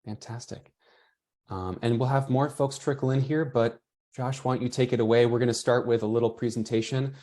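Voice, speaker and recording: A man's voice: medium pitch, steady tone, fairly quick, warm tone. A man hosting and moderating an online webinar, chatting casually and reading out attendee comments as he goes.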